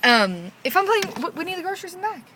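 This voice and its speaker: A woman's voice: very high voice, sing-song, fast talker, a crowd in the background, rough recording. A young woman vlogger ranting casually, profane, sarcastic and exasperated. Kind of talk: casual rant.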